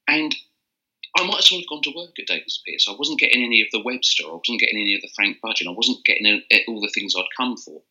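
A man's voice: fairly low pitch, expressive, fast, sharp tone, lo-fi sound. An older man, a copywriter telling rambling anecdotes with restarts in a casual interview. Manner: rambling storyteller with restarts and chuckles. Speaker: interview guest, advertising copywriter.

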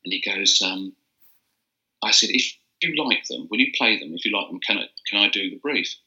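A man's voice: on the low side, lively intonation, moderate pace, bright, forceful tone, dull audio. An older man, a copywriter telling rambling anecdotes with restarts in a casual interview. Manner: rambling storyteller with restarts and chuckles. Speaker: interview guest, advertising copywriter.

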